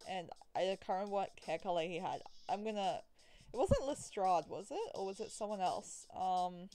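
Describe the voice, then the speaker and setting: A woman's voice: mid-range voice, expressive, normal speed, warm tone, slight background noise. A woman playing through a visual novel, reading the story aloud and breaking off into chatty, rambling asides with giggles. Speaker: let's play gamer.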